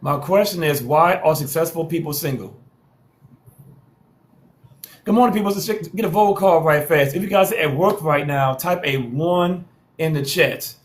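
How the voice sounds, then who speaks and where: A man's voice: on the high side, brisk. A man hosting a live social stream, hyping viewers with repeated calls to follow and share and playful trash talk.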